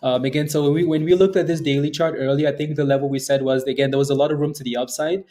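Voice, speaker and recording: A man's voice: on the high side, fairly even intonation, rapid-fire, warm tone, slight background noise. A man hosting a live day-trading stream, hyped and cheering, laughing often as he talks through charts. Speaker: day trading livestream host.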